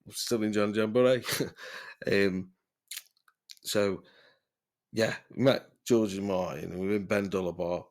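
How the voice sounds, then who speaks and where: A man's voice: lowish voice, fairly even intonation, measured pace, long pauses, a little mellow. A man telling a rambling, sweary story in casual podcast chat, often breaking into laughter. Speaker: podcast host.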